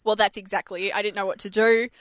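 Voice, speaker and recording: A woman's voice: medium pitch, fast talker, no room sound. A woman co-hosting a radio show, chatting casually and telling stories with lots of laughter. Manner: animated storyteller, laughs often. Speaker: radio co-host. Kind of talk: casual on-air banter.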